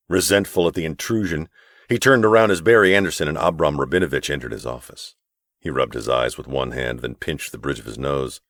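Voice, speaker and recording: A man with a low voice narrates an audiobook from a script, his storytelling measured and even. The studio sound is clean with no echo.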